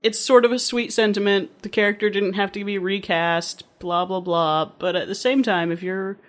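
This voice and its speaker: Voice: mid-range voice, steady tone, moderate pace, a bit bright. A podcast co-host in casual conversation, detailed and nitpicky, laughing often. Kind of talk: casual chat.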